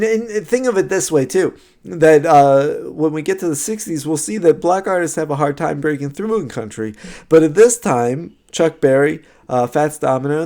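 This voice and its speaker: A man's voice: medium pitch, vocal fry, darkish tone. A man giving a recorded slideshow lecture on music history, conversational, with many fillers and restarts and frequent "right?" checks.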